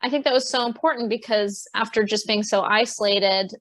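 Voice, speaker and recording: A woman from Virginia, a podcast guest, talking casually with her friend in a soft-spoken, giggly and reflective way. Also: medium pitch, a little fast, dry recording. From Virginia, USA. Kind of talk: casual chat.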